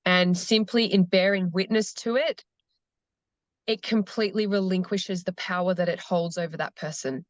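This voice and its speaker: A woman who facilitates cacao ceremonies, speaking slowly and earnestly as a guest on a podcast. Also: fairly low pitch, steady tone, no echo. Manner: slow, earnest storytelling. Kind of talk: podcast conversation.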